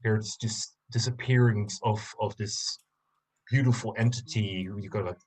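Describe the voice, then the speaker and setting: A man running a tabletop game as game master, describing scenes to his players. His voice sits low and he takes his time, pausing often and filling the gaps with ums and uhs. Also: fairly even intonation, a little mellow, husky. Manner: slow, halting narration with many fillers.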